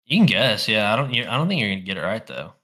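A man's voice: fairly low pitch, very animated, quick pace, noisy background. A young man co-hosting a casual podcast, joking around and swearing freely. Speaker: podcast co-host. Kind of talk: casual chat.

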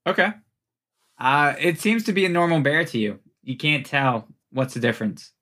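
A man's voice: fairly high pitch, expressive, normal speed, sharp tone. A man running a tabletop game as game master, talking loosely with fillers and laughter. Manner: loose and chatty, many fillers, laughs often.

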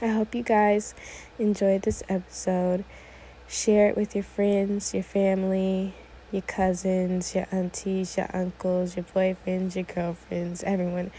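A woman's voice: medium pitch, mellow, a little hiss or hum, poor audio. An eighteen-year-old woman hosting her own podcast, talking alone in a rambling, easily sidetracked way, full of "like"s. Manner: rambling, often sidetracked, many "like"s. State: a little emotional, teary. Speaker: podcast host. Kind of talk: casual solo podcast monologue.

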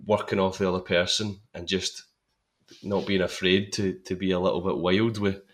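An actor guesting on a podcast, chatting about a film with enthusiasm and many repeated words and restarts. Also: male voice, sits low, little pitch movement, moderate pace. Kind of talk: casual film-discussion chat.

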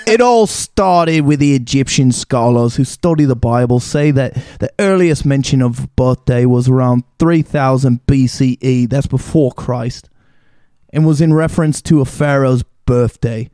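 A man co-hosting a casual comedy podcast, relaxed and joking as he reads out bits of trivia. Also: mid-range voice, a little slow, no echo. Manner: laid-back, reads trivia aloud. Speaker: podcast co-host.

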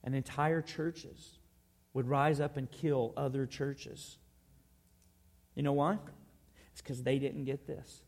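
This Arkansas pastor's voice is a little high and a little mellow. He preaches an earnest, conversational storytelling sermon drawn from his own experiences.

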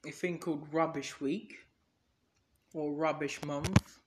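Fairly high in pitch but with little pitch movement, this man speaks slowly over a slight hiss or hum. He's hosting a podcast alone, rambling and swearing freely, switching subjects, and playing out mock conversations in a casual monologue.

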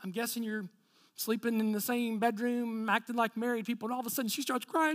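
A pastor tells a story from the pulpit in a conversational storytelling sermon, voicing each character's lines. When he reaches his serious points he turns low and soft, and he speaks fairly quickly.

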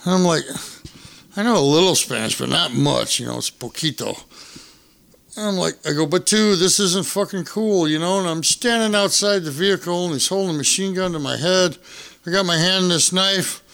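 Animated, profane male storyteller. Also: fairly high pitch, brisk, gravelly. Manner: profane, animated, acts out quotes. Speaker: guest storyteller. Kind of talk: casual storytelling.

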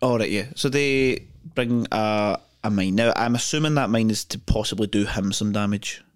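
A man's voice: on the low side, moderate pace, clean tone. A man co-hosting a film podcast, thinking aloud in rambling, restarting sentences. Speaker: podcast co-host. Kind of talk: casual film chat.

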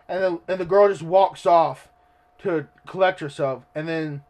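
A man reading a story aloud and ranting about it in excitable, profane commentary. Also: fairly high pitch, unhurried. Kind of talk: ranting read-along commentary.

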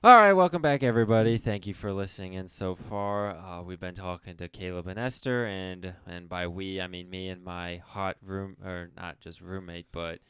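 A man's voice: low-pitched, moderate pace, few pauses, fairly bright tone, clear, resonant tone, no echo, studio quality. A man hosting a casual podcast interview, teasing his guests and rambling through self-corrections. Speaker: podcast host.

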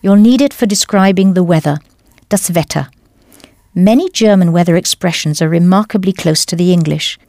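A woman teaching a language lesson in a clear, careful scripted delivery, spelling out words as she goes. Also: on the low side, normal speed, darkish tone, no room sound, studio quality.

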